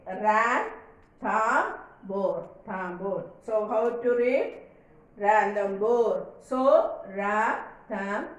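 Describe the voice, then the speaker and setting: A woman teacher giving an English grammar lesson, repeating each answer and spelling words out letter by letter. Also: sits high. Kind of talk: recorded classroom lesson. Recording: very echoey room.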